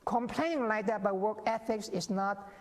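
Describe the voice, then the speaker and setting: A man's voice: high-pitched, moderate pace. Lecturing male guest with long reverb. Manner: lecturing, with many restarts and acted-out quotes. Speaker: interview guest, scholar. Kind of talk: explanatory interview talk. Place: TV interview set.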